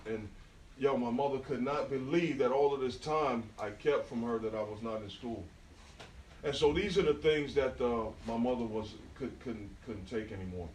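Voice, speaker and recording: A middle-aged man with a New York accent giving a talk, telling lively stories in street slang and often checking in with the audience. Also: medium pitch, moderate pace, slight background noise. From New York, USA. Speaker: guest speaker. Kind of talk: storytelling artist talk. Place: indoor talk venue with audience. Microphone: phone recording from across the room. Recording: echoey room, phone mic far off.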